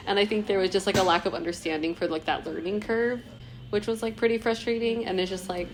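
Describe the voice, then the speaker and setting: A woman's voice: medium pitch, moderate pace, a little hiss or hum, low-quality recording. A young woman, chatting casually as a podcast guest with lots of fillers and easy laughs. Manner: soft-spoken, frequent "like" fillers, laughs often. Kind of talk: casual chat.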